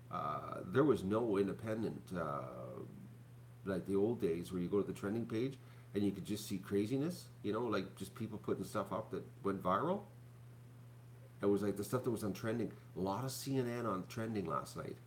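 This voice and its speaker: A man with a lowish, voice chats to his viewers in a loose, rambling way, stumbling over restarts and filling gaps with ums. A faint hum sits under the recording. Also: lively intonation, fairly quick. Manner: rambling, many fillers and restarts, chatty asides to viewers. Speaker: YouTube channel host. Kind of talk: casual rambling chat to viewers.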